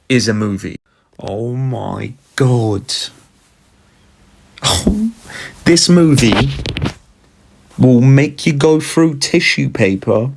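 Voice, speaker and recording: A brash young man counts down his favourite films in a loud, swearing vlog rant and makes comic threats at the viewer. His voice sits at a middle pitch and he talks slowly, dragging out his words for effect. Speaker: vlogger. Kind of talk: energetic movie countdown rant.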